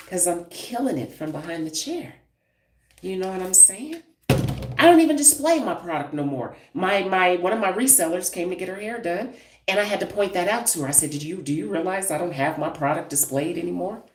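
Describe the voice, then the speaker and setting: A woman's voice: medium pitch, very animated, normal speed, background noise. A woman in her fifties, a hairstylist and brand owner, talking bluntly and emphatically to viewers on a casual live stream. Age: 50s. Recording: echoey room, distant from the mic.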